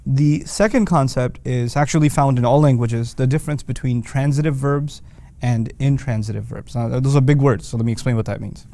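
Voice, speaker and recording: A man's voice: mid-range voice, a little fast, mellow, dry recording. Man explaining with casual slang. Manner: conversational, patient explaining with slang asides. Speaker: Quran teacher. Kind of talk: scripted video lesson.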